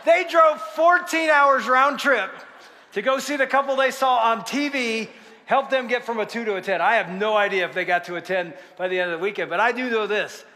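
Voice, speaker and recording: A man's voice: sits high, fast, long reverb tail. A man preaching a sermon in a large church, telling stories and joking with the congregation. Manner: lively storytelling, jokes with congregation. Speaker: pastor.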